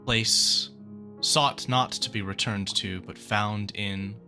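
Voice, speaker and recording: Slow, bright-toned game master narrating. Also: male voice, fairly low pitch, steady tone, faint music behind. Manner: slow, measured storytelling.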